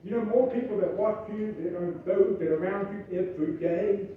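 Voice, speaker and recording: A man's voice: high-pitched, a little fast, a little hiss or hum. A man preaching a folksy sermon with humorous asides to his congregation. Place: church sanctuary. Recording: echoey church room from a distant mic, dull sound.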